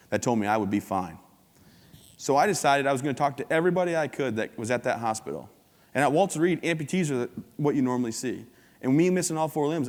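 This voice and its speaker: Upbeat joking man on a stage. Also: medium pitch. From United States. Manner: joking, upbeat storyteller acting out dialogue. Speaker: keynote speaker. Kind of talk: motivational stage talk with jokes. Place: conference hall stage before an audience. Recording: long hall reverb.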